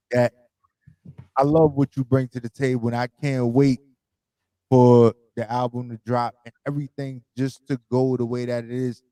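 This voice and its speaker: A man's voice: medium pitch, warm tone, smooth, dry recording. A man from New York hosting a casual radio interview, laughing easily and repeating words as he talks. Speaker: radio show host.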